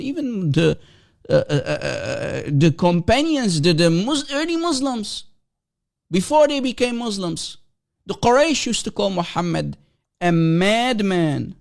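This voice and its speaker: A man's voice: high voice, very animated, unhurried, creaky. A man hosting a livestream, delivering a combative monologue full of mocking, taunting rhetorical questions. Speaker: livestream host.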